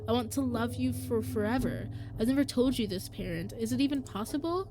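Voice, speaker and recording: A woman's voice: a little high, fairly quick, music in the background, close to an everyday voice. A woman voicing a small male pet creature from a game, lovelorn and bitter, pleading and then coldly accusing. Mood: longing.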